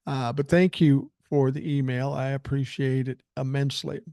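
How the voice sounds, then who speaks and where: A man's voice: medium pitch, level tone, normal speed, dark tone, no room sound, studio quality. An older man hosting a political podcast, reading listener emails aloud and answering them in a blunt, emphatic way that includes swearing. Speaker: podcast host.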